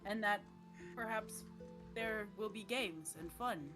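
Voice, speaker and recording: A woman's voice: medium pitch, slow pace, music in the background, voice pushed down, natural voice. A woman doing a naive male adventurer. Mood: awkward. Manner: naive, bumbling, polite. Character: earnest soup-loving married male adventurer.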